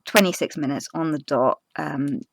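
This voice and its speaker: A young woman, a crafting vlogger telling a personal story in casual chat, earnest and halting with many fillers and restarts. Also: low voice, creaky, no room sound.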